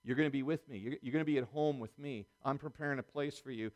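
A man's voice: mid-range voice, quick pace. Earnest stammering preacher man. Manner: earnest, repeats phrases, stammers on starts. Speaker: pastor. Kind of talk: sermon with closing prayer. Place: church service.

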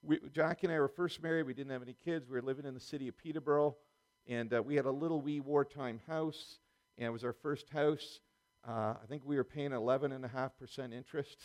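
A middle-aged man delivers a sermon in a relaxed, conversational manner. He restarts his phrases often and slips in light chuckles. His voice sits at an ordinary pitch. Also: fast talker. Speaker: preacher.

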